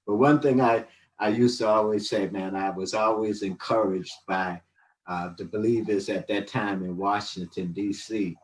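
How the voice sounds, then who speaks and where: A man's voice: lowish voice, steady tone, normal speed. Older man telling stories, distant mic. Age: 60s. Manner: rambling, many fillers, fond and reflective. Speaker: guest. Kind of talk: casual storytelling testimony.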